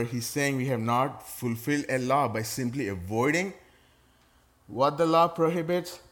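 A middle-aged man, a pastor preaching a sermon to his church in a conversational way, with touches of playful sarcasm. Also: medium pitch.

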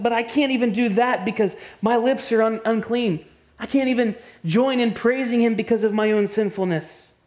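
A man with a high voice preaches a sermon. He drops to a hushed, quiet delivery, then climbs into loud, impassioned stretches. He often stumbles and restarts his words as he presses his points. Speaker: pastor.

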